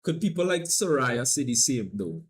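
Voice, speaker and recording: A young man with a Trinidadian accent chatting casually on a live stream, playful and loose, repeating lines and swinging between loud hype and low mumbling. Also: big pitch swings, normal speed, husky.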